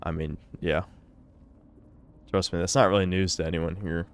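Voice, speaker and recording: Male streamer, low smooth voice, sardonic and foul-mouthed, live donation reading. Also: fairly even intonation, normal speed. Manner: sardonic and profane.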